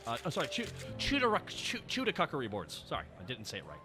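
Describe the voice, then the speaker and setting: A Canadian VTuber streamer chats casually with viewers on a live stream, animated and joking as he riffs on their comments. He's a fast talker with a medium-pitched voice, and music plays in the background.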